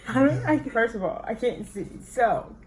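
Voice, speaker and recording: A woman's voice: on the high side, animated, moderate pace, slight background noise, rough recording. A woman co-hosting a casual vlog with a friend, playful and teasing, often laughing. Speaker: vlog co-host.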